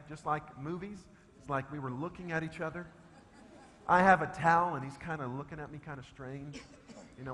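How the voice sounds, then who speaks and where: Pastor guy with a bright sharp voice, telling a funny story in a sermon, goes from yelling to hushed, echoey church. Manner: animated, swings from loud shouting to hushed low talk. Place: church sanctuary. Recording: long reverb of a church hall.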